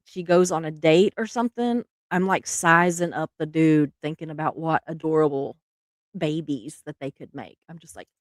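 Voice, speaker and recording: A woman's voice: lowish voice, no echo, clean studio sound. A woman, hosting a casual livestream and chatting with viewers, laughing often and restarting her sentences. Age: 50s. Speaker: livestream host. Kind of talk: casual chat with live viewers.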